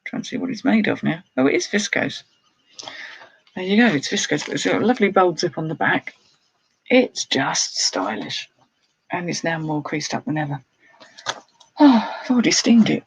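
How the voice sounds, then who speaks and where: A woman's voice: on the low side, big pitch swings, unhurried, vocal fry, long pauses, breathy edge, no echo, low-quality recording. A woman who resells clothes, chatting casually on a live stream, laughing often and reading out viewer comments. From United Kingdom. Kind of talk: casual live-stream chat while showing items.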